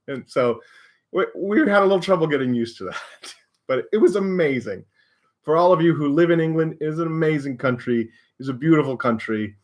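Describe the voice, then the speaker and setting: A man's voice: a little high, lively intonation, a little fast. Chatty American man answering viewer questions. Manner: chatty, self-deprecating, laughs often. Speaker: maker and live stream host. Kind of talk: casual live stream Q&A.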